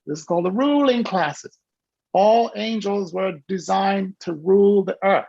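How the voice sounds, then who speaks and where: Raspy guy on a zoom call, dry sound, preachy and animated. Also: sits high, dry recording, highs cut off. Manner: preachy, acts out quoted voices, laughs often. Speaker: guest speaker on a virtual summit call. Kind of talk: animated motivational talk. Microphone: video call.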